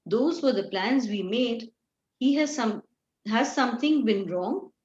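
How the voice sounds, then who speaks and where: A woman's voice: on the high side, expressive, a little slow, darkish tone. Polite puzzled professor as a woman reads him, plainly read, dull roomy call audio. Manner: plain reading of dialogue. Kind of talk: reading a novel aloud.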